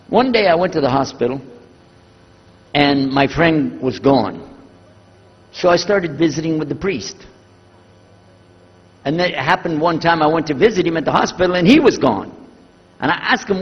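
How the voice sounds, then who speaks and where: An older Texan preacher from the United States tells a story to an audience, animatedly acting out both sides of each conversation. His voice is fairly high and breathy-edged, at a moderate pace with long pauses, captured in an echoey hall with dull lo-fi sound.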